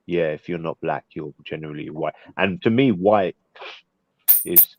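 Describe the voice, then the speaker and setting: Deep-voiced man, loose jokey call chatter, dull dry line. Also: moderate pace, dry recording. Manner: rambling, joking, frequent restarts. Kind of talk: casual group call chat. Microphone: video call.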